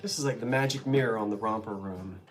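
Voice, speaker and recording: Soft music plays behind a middle-aged Philadelphia-accented man from the Delaware Valley as he co-hosts a live stream selling antiques. Speaking quickly in a lowish voice, he reminisces casually and drops in jokes along the way.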